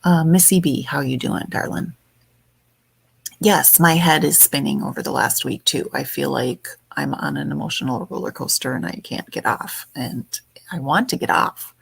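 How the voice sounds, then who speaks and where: A woman hosting a livestream, greeting her viewers one by one in soft, affectionate, rambling chat from home. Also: sits low, normal speed, vocal fry, breathy edge, dry recording. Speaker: livestream host.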